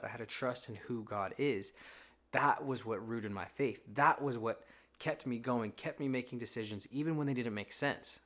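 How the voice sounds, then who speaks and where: A young man talks about faith in a relaxed, everyday way, as if chatting with a friend. His voice sits in an ordinary middle range. He slips into quick quoted asides to act out doubts and inner thoughts. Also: mid-range voice. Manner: casual, conversational, acts out quoted thoughts. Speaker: Christian content creator. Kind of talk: faith-talk monologue.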